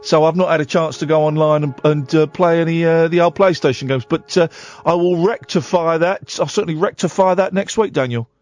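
A man's voice: a little high, steady tone, a little fast, darkish tone, faint music behind. A man hosting a radio show, chatting in a sarcastic, self-mocking, jokey way from the studio. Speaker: radio host. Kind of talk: late-night radio chat.

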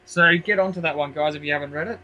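A man's voice: a little high, quick pace, pushed and bright, low-quality recording. An Australian man co-hosting a casual sports chat podcast, arguing his point with hesitant restarts. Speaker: podcast co-host.

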